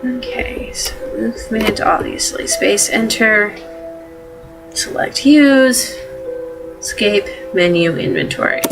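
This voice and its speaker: Relaxed woman gamer narrating a first playthrough, unhurried and hesitant, over game music. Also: mid-range voice. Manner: relaxed, hesitant, lots of fillers. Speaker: gamer playing a detective game. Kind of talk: casual let's-play commentary.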